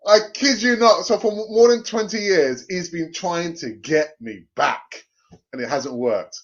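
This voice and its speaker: A middle-aged man, hosting a fan live stream, animated and jokey, laughing often and repeating phrases. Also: on the high side, moderate pace. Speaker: fan channel host reading live chat. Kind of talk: casual live-stream chat. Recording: dull lo-fi sound.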